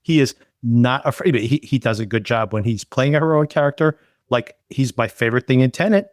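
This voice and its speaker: A man's voice: mid-range voice, brisk, no echo. Enthusiastic man chatting about movies, dry. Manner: enthusiastic, rambling with many fillers. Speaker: podcast co-host. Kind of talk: casual film review chat.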